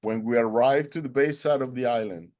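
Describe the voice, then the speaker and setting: A man's voice: mid-range voice, brisk, a little mellow. A man whose first language is Spanish, earnestly telling a personal story as an interview guest, with non-native English phrasing. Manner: acts out quoted dialogue in a raised voice.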